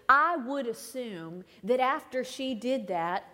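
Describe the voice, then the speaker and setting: A woman guest preacher delivering a conversational sermon, swinging between emphatic lines and hushed asides. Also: a little high, lively intonation, slow pace. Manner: conversational, dramatic shifts between loud and hushed. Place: church sanctuary. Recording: long hall reverb.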